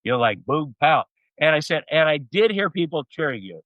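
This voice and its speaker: A man in his sixties spins a loose, rambling story as a podcast guest. He restarts sentences and leans on "uh" and "you know," and his mid-pitched voice sounds dry. The recording is a little dull and muffled. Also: big pitch swings, fairly quick, no room sound. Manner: rambling anecdotes with many fillers. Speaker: interview guest. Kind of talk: casual storytelling. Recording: dull, slightly muffled audio.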